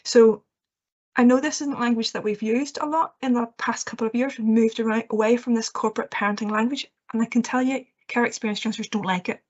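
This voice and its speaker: A woman's voice: fairly high pitch, steady tone, brisk, a little mellow. A woman giving a training presentation to teachers, earnest and reassuring, often checking in with "okay". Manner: earnest, reassuring, with frequent okays and ums. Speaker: education trainer. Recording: muffled lo-fi recording.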